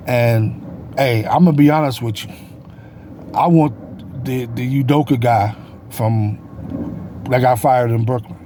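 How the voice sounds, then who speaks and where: A man's voice: mid-range voice, slow, long pauses, warm tone, a little hiss or hum. A man giving casual solo sports talk as a host, rambling and correcting himself with many fillers.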